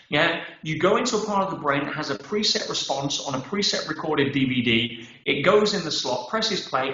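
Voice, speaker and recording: Over a little hiss or hum, a fairly high-pitched male guest speaks in roomy, dull podcast audio. He's emphatic and animated on this conversational interview, acting out quotes and repeatedly checking in with "yeah?" and "right?".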